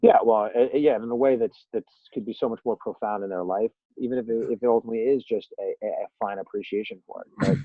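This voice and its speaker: A man's voice: fairly low pitch, fast, few pauses, dry recording. A man as a podcast guest in casual interview chat, a rambling, self-deprecating storyteller who acts out quotes. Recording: tinny phone-line sound, dry.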